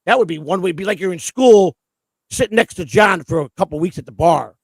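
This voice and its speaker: A man hosting a casual livestream chat, rambling and swearing excitedly as he talks. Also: sits high, a little fast, slightly rough, dry recording. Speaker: host.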